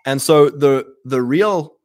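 A man in a casual rambling monologue, clearing his throat often and acting out quoted voices. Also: mid-range voice, slow, darkish tone, no echo, clean studio sound, soft background music. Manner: frequent throat clearing and restarts.

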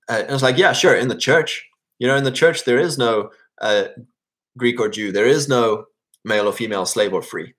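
A man giving a loose, conversational sermon at a mid-range pitch. He talks as if chatting with his listeners, keeps tagging his points with "right?", and often doubles back to restart a phrase. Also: moderate pace, fairly bright tone. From England. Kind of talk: informal sermon.

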